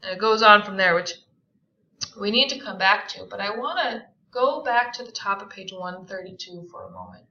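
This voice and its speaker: Woman teacher reading and explaining a book, bright voice, kinda muffled lo-fi audio. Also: mid-range voice, big pitch swings, moderate pace, slight background noise. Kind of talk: reading aloud and explaining a novel. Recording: roomy, dull lo-fi recording.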